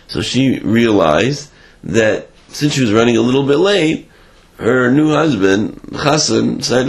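A man telling a religious story in a halting, animated way, with frequent restarts. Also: on the low side, gravelly.

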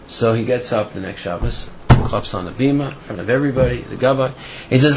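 A man's voice: medium pitch, brisk. A man teaching an informal Torah class, talking in a chatty storytelling way with fillers. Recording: dull lo-fi recording with faint noise.

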